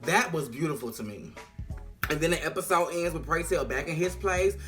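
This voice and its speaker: A woman recapping a TV episode in a sassy, slang-heavy, animated way. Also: deep voice, a little fast, soft background music. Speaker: TV episode reviewer. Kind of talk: casual recap vlog.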